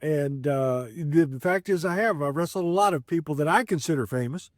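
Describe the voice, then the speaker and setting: A middle-aged former wrestler tells stories in a casual, rambling way, full of fillers and restarts. His voice is fairly high and fairly quick, recorded with studio quality and no echo.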